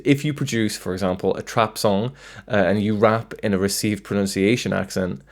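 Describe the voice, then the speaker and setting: A man's voice: lowish voice, a little mellow. Wry man narrating a music essay. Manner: wry, self-deprecating asides. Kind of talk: scripted video essay narration.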